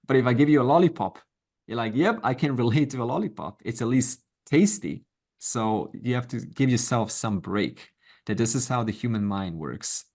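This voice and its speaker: A man's voice: medium pitch, lively intonation, normal speed, darkish tone. A middle-aged man teaching a Vedanta class online, speaking conversationally and encouragingly, with asides and quoted voices. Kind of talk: informal lecture to an online class.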